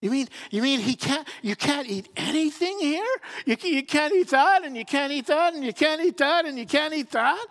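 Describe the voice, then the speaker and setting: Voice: sits high, expressive, normal speed, few pauses, fairly bright tone, pitched above the performer's own voice. A preacher voicing a sly serpent who asks incredulous, needling questions, acted out in a sermon. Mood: mocking. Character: sly talking serpent, tempter. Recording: long hall reverb.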